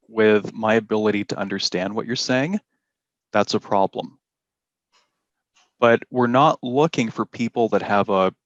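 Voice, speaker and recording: Male language teacher in a classroom, deep-ish voice, measured delivery that leans on key words, dry slightly muffled sound. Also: a bit bright, dry recording. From Canada. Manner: slow, deliberate explaining with emphasis on key words. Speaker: IELTS teacher. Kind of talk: classroom lesson.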